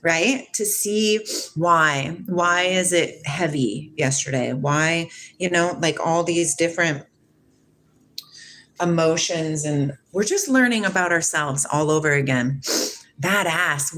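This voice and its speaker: A woman's voice: on the low side, a bit bright, a little hiss or hum. A woman in her forties from Washington state, musing casually and reflectively about spirituality while answering a livestream chat, laughing often. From Washington state, USA. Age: 40s.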